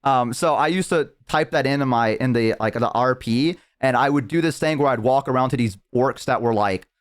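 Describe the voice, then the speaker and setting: A man's voice: mid-range voice, a little fast. A male streamer chatting casually, rambling on tangents as he tells a long story. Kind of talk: casual chat.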